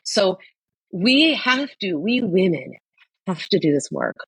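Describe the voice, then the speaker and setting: A woman's voice: mid-range voice, sing-song, slow, slightly rough, no echo, low-quality recording. A woman, a psychotherapist guest on a podcast, talking emphatically and often repeating her key points. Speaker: guest, social worker and psychotherapist. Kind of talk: podcast conversation.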